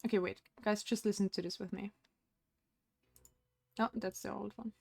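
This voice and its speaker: A young woman chatting on a live stream from home. She rambles loosely and laughs often. Her voice sits at an ordinary middle pitch, and the sound is dry and close. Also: steady tone, moderate pace, gravelly, darkish tone, breathy edge, dry recording. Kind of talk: casual live-stream chat.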